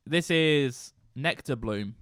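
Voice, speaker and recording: A British man co-hosts a music podcast, teasing and joking in loose casual chat. His pitch swings freely and sounds lively. The sound is close and dry, with no room around it. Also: takes it slowly, dry recording. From Britain. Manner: playful, teasing banter. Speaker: podcast co-host.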